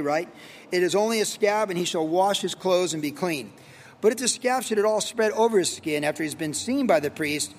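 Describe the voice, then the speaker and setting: A man teaching verse by verse as a pastor, reading scripture and then talking it through casually with fillers and rhetorical questions. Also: fairly high pitch. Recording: long hall reverb.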